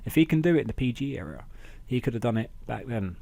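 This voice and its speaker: A man hosting a casual wrestling review podcast, chatty and excitable, talking into a close mic at home. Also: mid-range voice, quick pace, gravelly. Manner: chatty, excitable, acts out quotes in raised voices. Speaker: podcast host.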